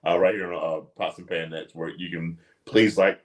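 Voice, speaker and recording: A man's voice: sits low, fairly even intonation, normal speed. A man co-hosting a casual chat show, blunt and profane, teasing his partner. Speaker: podcast co-host.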